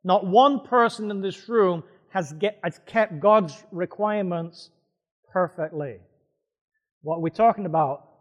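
High-voiced man preaching in a reverberant hall. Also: muffled recording. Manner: emphatic, questioning the congregation. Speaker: pastor. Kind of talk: sermon. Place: church hall before a congregation.

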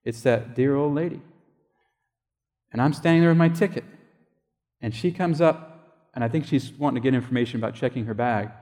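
A man's voice: mid-range voice, a little fast, long pauses, warm tone. A male pastor preaching a sermon, telling a personal story in a conversational way and acting out the voices of people in it. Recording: long hall reverb.

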